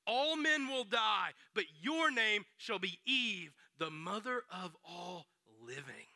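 A man's voice: high-pitched, very animated, takes it slowly, vocal fry, pushed and bright, dry recording, studio quality, heavily acted. A man voicing God in a sermon, earnest and declaring. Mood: solemn. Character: God speaking, solemn and promising.

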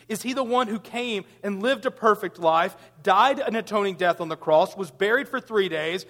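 A man's voice: high voice, fairly bright tone, in a large hall. A man preaching a sermon, building to emphatic rhetorical questions. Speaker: pastor.

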